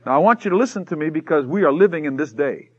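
A man preaching a sermon, telling a story with lively acted-out quotes that swing from shouts to hushed asides. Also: fairly high pitch, quick pace, husky, lo-fi sound. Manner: animated storytelling, acts out quotes with shouts and mock whispers.

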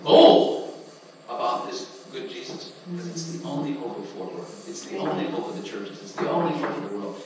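A man preaching a sermon in a lively, conversational way, often asking the congregation questions. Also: fairly high pitch. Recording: echoey hall from far off, noisy.

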